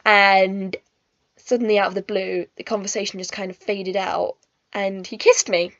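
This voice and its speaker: A woman's voice: mid-range voice, level tone, moderate pace, a bit bright, dry recording. A young woman telling a personal storytime vlog in a chatty, emotional, giggly way, in a slightly muffled recording. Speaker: vlogger.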